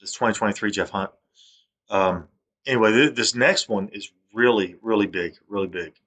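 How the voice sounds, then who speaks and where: A man in his fifties with a drawl rambles to camera, circling back and repeating his claims. His voice sits a little low and has a bright, forceful edge. He sounds accusatory throughout. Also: moderate pace. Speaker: vlogger.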